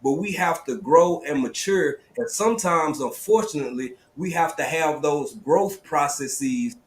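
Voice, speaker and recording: A man with a Southern US accent, hosting a live stream panel, telling stories in lively slang over a video call. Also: a little high, measured pace, echoey room. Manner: animated, storytelling, drawling slang. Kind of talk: casual panel talk.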